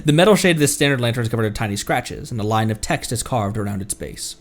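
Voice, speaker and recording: A man commentating his game live, making goofy jokes and laughing at his own puns. His voice is mid-pitched and very animated, and he reads lore text aloud between reactions. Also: fast. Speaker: streamer playing a game. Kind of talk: casual live-stream commentary.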